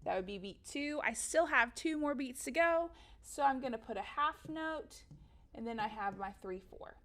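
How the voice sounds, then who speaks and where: A woman's voice: high-pitched, animated, moderate pace, a bit bright. A woman music teacher giving a recorded lesson for children, upbeat and encouraging, counting beats and chanting rhythms aloud.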